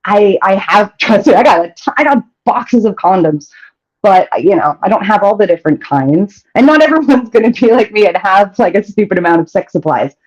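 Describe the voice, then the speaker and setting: A frank, chatty host of an advice show, sharing a story in a loose, conversational way. The speaker laughs often between words and restarts phrases. The voice sits at a middle pitch, and the audio sounds a little dull and muffled. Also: expressive, fairly quick. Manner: candid and chatty, laughs often mid-sentence, frequent restarts. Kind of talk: casual storytelling chat.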